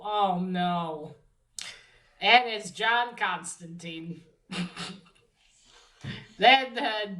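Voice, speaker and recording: A woman's voice: mid-range voice, pushed and bright, low-quality recording. Casual woman recapping a comic. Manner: chatty, swears freely, retells scenes with fillers. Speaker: comic book reviewer.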